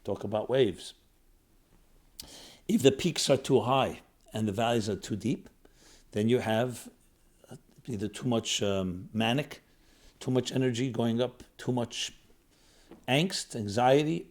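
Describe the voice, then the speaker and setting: A man's voice: medium pitch, unhurried, pauses often, a little mellow. A man giving a reflective spiritual talk as a rabbi, building his points in strings of short phrases that rise and fall in emphasis. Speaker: rabbi, lecturer.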